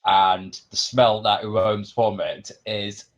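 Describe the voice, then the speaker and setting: A man's voice: lowish voice, flat delivery, takes it slowly. A man at a tabletop game, describing part of the setting while thinking aloud. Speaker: player and world builder. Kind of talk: casual tabletop chat.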